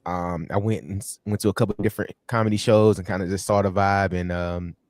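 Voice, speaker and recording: A man's voice: low voice, fast talker, dry recording, studio quality. Laughing slangy man on a stream. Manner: laughing, animated, slangy storytelling. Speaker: sports show co-host. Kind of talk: casual livestream chat.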